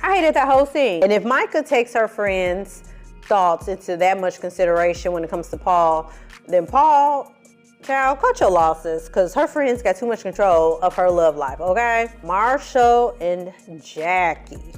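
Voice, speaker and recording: A woman's voice: medium pitch, measured pace, soft background music. Sassy, foul-mouthed woman recapping reality TV. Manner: sassy, profane, animated storytelling. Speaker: film and TV reviewer. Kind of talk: casual recap commentary.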